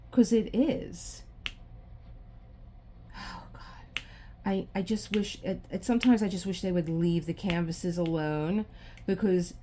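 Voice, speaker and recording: A woman's voice: mid-range voice, darkish tone, a little hiss or hum. A middle-aged woman hosting a craft video, chatting casually to the camera and talking to herself in frustration as she works.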